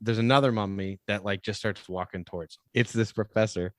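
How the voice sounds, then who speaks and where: A lower-voiced man chats through a movie plot, rambling and laughing often. He acts out bits of dialogue along the way. His voice sits close to the mic in a dry, dead room. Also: steady tone, brisk, no echo. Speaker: podcast co-host. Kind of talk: casual movie review chat.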